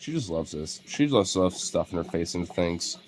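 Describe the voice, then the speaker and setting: A man's voice: deep voice, moderate pace, faint music behind. A man casually commenting on footage of his dogs, cooing at them, laughing and swearing. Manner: excitable, cooing baby talk to pets, bursts of laughter, casual swearing. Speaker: video creator talking to his dogs.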